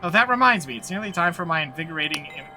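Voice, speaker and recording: A man's voice: fairly high pitch, animated, rapid-fire, over loud music, natural voice. A man reading aloud the lines of a nervous, fussy woman village mayor from a video game, flustered and overly polite.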